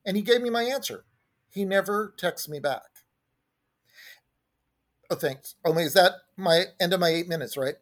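Man, fairly high voice, candid recovery-meeting share, acts out quoted dialogue. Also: normal speed, pauses often, fairly bright tone. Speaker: recovery group speaker sharing. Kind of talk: personal testimony at a support meeting.

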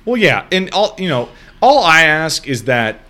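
A man's voice: on the high side, a little slow. A man in casual, profane conversation, talking through a TV series with a friend. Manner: profane, animated storytelling. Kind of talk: casual chat.

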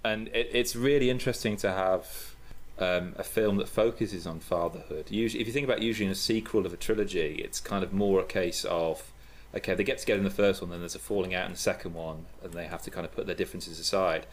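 A man's voice: low voice, quick pace, a little hiss or hum. A man co-hosting a casual podcast, chatty and jokey, gushing as he talks. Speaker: podcast co-host.

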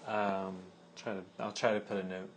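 A man's voice: on the low side, little pitch movement, moderate pace, slight background noise. A man co-hosting a podcast, reacting to stories with short replies and joking asides. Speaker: podcast co-host. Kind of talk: casual chat.

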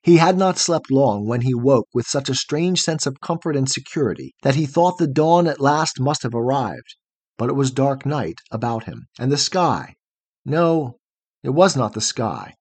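A man reading a fairy tale aloud in a measured, expressive storytelling manner. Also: medium pitch, breathy edge, no room sound. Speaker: narrator.

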